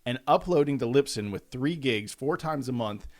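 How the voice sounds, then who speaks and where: A man's voice: medium pitch, animated, moderate pace. A man in his late twenties co-hosting a podcast, chatting casually in a blunt, profane way. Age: 20s. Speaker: podcast co-host. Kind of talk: casual chat.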